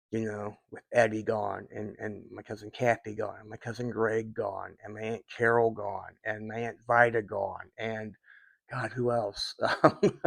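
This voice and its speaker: A man's voice: lowish voice, vocal fry, no echo. A man in his fifties talking to his viewers in a rambling, heartfelt way, with many fillers and restarts. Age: 50s. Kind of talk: casual personal talk to viewers.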